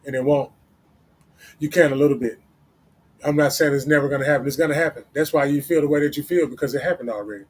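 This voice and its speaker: Husky man giving blunt street-talk advice. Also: a little high, fast. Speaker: livestream host. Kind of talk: casual motivational talk.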